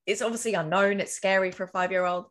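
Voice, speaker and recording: A woman's voice: mid-range voice, steady tone, fast talker, fairly bright tone. A woman as an interview guest, talking earnestly and casually, walking through examples, with the odd swear word. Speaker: podcast guest.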